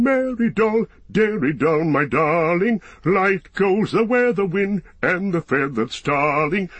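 A man singing as Tom Bombadil, jolly and husky. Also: medium pitch, no room sound, exaggerated voice. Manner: sings rhyming nonsense songs, bouncy and playful. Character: jolly carefree old forest man singing nonsense. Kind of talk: sung storybook character voice.

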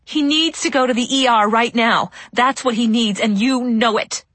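A woman's voice: a little high, moderate pace, a bit bright, no room sound. A woman voicing a frantic young mother who pleads urgently, her voice shaking, in an audiobook. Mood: arguing.

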